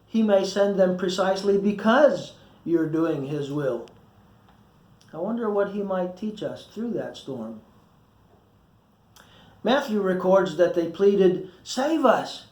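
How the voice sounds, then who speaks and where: A man preaches a short sermon in a church. His voice sits fairly high, and his reading is lively, with the quoted voices acted out. The room gives his voice a noticeable echo. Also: takes it slowly, long pauses. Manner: reads with feeling, acting out quoted voices. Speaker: pastor.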